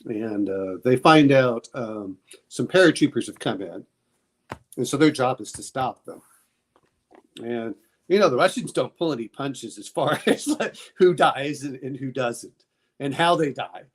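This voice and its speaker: A man's voice: medium pitch, expressive, a little slow, slightly rough. A man hosting a casual chat, rambling through recommendations with many fillers and restarts. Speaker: podcast host.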